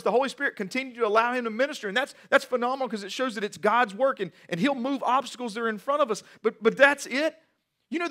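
A man in his forties preaching a sermon as pastor, animated and repeating words as he builds each point. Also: sits high.

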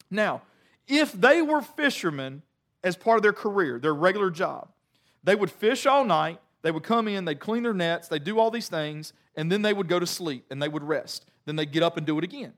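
A man preaching a sermon, retelling a scripture story in an animated, humorous way. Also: high-pitched.

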